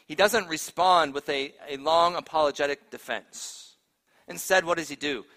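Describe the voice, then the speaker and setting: A male pastor preaching a sermon, earnest and emphatic, moving between forceful proclamation and gentle appeal to his congregation. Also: on the high side, moderate pace, long reverb tail.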